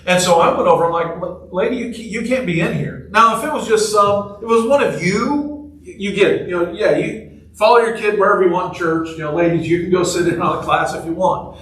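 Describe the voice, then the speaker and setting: A man's voice: high-pitched, brisk, a bit bright, slight background noise. A man preaching a casual, joking sermon to his congregation, telling stories and asking the people in the pews questions. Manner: chatty, jokey, asks the congregation questions. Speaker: pastor. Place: church sanctuary. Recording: echoey room, voice from far off.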